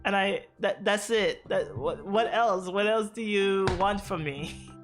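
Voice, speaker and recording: A woman's voice: mid-range voice, slow pace, over music. A woman from the Virgin Islands with a Caribbean accent, chatting casually on stream, rambling, swearing and laughing often. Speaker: VTuber streamer.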